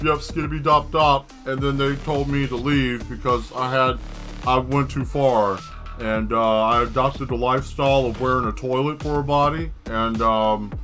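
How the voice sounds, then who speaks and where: A man's voice: medium pitch, a bit bright, lightly acted. A man voicing a washed-up, self-pitying man who lives as a toilet creature, rambling through a mournful confession.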